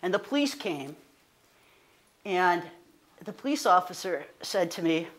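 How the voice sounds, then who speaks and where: Lively woman telling a story. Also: fairly low pitch, measured pace. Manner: animated, rising to indignant; conversational, with fillers and self-corrections. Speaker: guest speaker. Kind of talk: personal storytelling talk.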